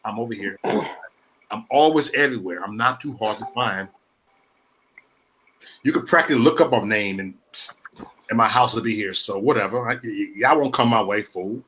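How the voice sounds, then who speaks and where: Brief: forties male stream host on a profane, combative rant, bright edgy tone. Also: lowish voice, normal speed, long pauses, slight background noise. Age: 40s. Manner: profane, repetitive, confrontational. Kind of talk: ranting live stream talk.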